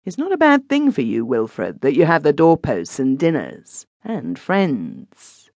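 A man reading an audiobook voices a stern, blunt wealthy gentleman. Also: a little high, wildly swooping pitch, unhurried, no room sound, heavily acted. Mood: curt. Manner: blunt, fierce.

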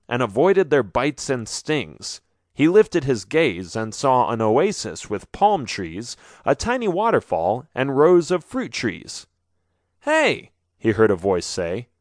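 Animated male children's audiobook narrator. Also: medium pitch, no echo, studio quality. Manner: expressive, animated storytelling. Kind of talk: scripted narration of a children's story.

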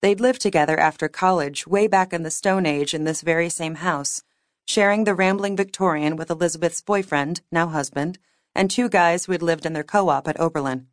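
A woman reading fiction aloud as an audiobook narrator, with measured, wry storytelling. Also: lowish voice, no echo, studio quality. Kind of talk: scripted narration.

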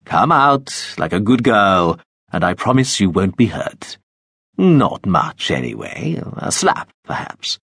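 A pompous, deep-voiced villain from an audiobook, as a male narrator puts him on. He coaxes and threatens in a theatrical, silky way, with a low, slightly husky tone and a lively rise and fall. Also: takes it slowly, no room sound, clean studio sound, exaggerated voice. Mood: cajoling menace. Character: smug wealthy menacing man hunting a girl. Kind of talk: audiobook character voice.

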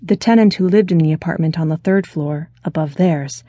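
A woman reading an audiobook as narrator, telling the story in a steady, measured way. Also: sits low, no room sound. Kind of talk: scripted narration.

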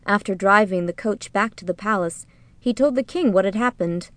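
A woman narrating an audiobook in a measured, even storytelling manner, recorded close to the mic. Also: mid-range voice, no echo. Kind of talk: scripted narration.

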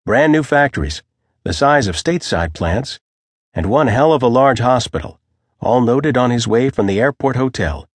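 A man narrating an audiobook in a measured, even storytelling manner. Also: mid-range voice, dry recording. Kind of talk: scripted narration.

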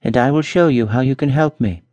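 A man's voice: medium pitch, fairly quick, a little mellow, dry recording, pitched above the performer's own voice, lightly acted. A man voicing a beautiful young princess in distress, speaking in a raised, pleading way in a storybook reading. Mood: earnest.

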